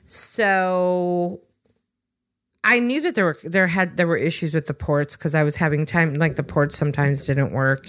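A woman with a lowish voice tells a story on her podcast in a casual chat. She is animated and wry, and she acts out what each person said. The sound is close and dry, with no room echo. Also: normal speed. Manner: animated, acts out both sides of conversations; exasperated, wry. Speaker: podcast co-host.

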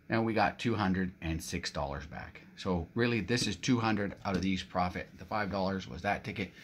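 This middle-aged Canadian vlogger scratches off tickets while chatting to his viewers, whom he calls "guys," exclaiming frequently in excited, casual commentary. His voice is fairly low with a fairly bright tone, and there's a little hiss or hum.

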